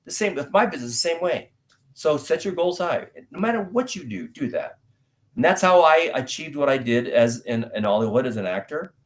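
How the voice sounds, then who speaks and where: A middle-aged man from the United States, an actor guest telling stories in an interview and acting out dialogue loudly. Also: on the high side, a little fast. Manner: animated storyteller, acts out dialogue loudly. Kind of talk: storytelling interview talk.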